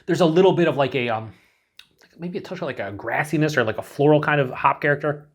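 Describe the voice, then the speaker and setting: A man's voice: on the high side, fast, breathy edge. A man from the United States giving a rambling, enthusiastic, unscripted beer review, swearing freely and filling his talk with likes and uhs.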